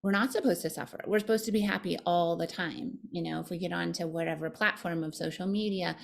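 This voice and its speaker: Gravelly-voiced woman meditation teacher. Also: fairly low pitch, quick pace. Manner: thoughtful, warm, earnest. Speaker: meditation teacher, interview guest. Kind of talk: conversational interview.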